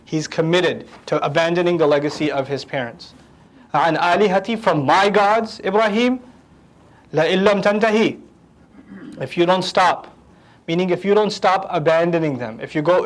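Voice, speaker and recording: A man teaching a lecture on the language of the Quran, animated and humorous, acting out quotes. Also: fairly high pitch, low-quality recording.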